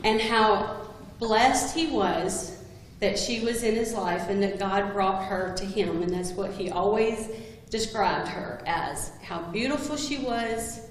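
A woman's voice: mid-range voice, slow, slight background noise. A woman giving a eulogy for a longtime coworker, telling humorous stories about him. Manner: humorous, anecdotal storytelling. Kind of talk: eulogy speech. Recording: very echoey hall with long reverb.

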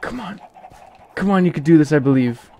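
A man's voice: fairly high pitch, lively intonation, fairly quick, mellow. A man doing let's play commentary of a game, exasperated and pleading, with jokey asides. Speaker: gaming youtuber.

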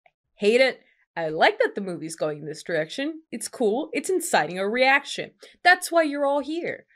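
A woman host, bright and expressive, reacting to a film in a casual, heated way. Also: on the high side, normal speed. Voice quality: animated, expressive, swears freely.

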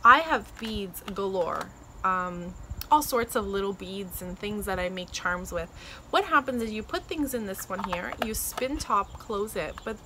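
A woman's voice: fairly high pitch, pushed and bright. A woman in her thirties from Canada, gushing with delight as she unboxes craft gifts in a casual vlog, outdoors in the sun. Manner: gushing, delighted, many thank-yous. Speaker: crafting vlogger. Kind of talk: casual happy-mail unboxing. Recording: noisy outdoor ambience with insects.

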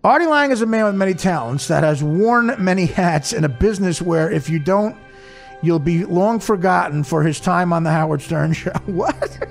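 Male host, high and gravelly, teasing, stumbles when reading aloud. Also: animated, soft background music. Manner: teasing, reads aloud haltingly. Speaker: podcast host. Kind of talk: casual chat.

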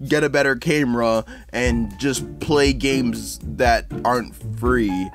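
A man's voice: medium pitch, measured pace. A teenage man from Connecticut talking casually in a vlog, joking around as he reads viewer comments. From Connecticut, USA. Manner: goofy, jokey, animated. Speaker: YouTuber. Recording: music playing underneath.

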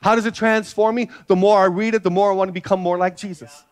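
A male pastor delivers a sermon in a church service, his voice sitting notably high for a man. He preaches conversationally, slipping easily into personal stories. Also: steady tone, fast, smooth.

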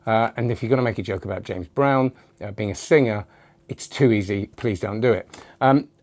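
A man's voice: lowish voice, fairly quick, darkish tone. A man giving a casual, rambling review of a magic trick, often breaking off mid-sentence to correct himself. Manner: rambling, self-interrupting.

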